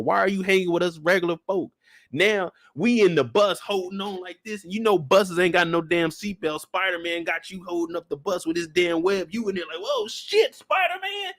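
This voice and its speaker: A man with a high-pitched voice tears into a comic rant, animated and exasperated, with frequent cursing. The sound is dry and close, with no room echo. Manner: animated, profane, exasperated storytelling. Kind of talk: comedic rant.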